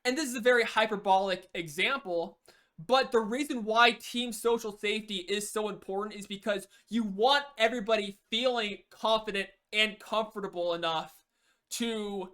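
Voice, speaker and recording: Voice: medium pitch, normal speed, a bit bright. A game coach giving a casual spoken lesson, rambling with lots of "you know" and frequent restarts.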